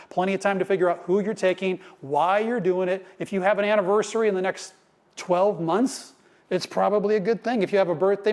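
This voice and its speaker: A man hosting a virtual charity auction from home, upbeat and joking as he hypes the bidding. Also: high voice. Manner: upbeat, joking, rapid-fire hype. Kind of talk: live virtual auction calling.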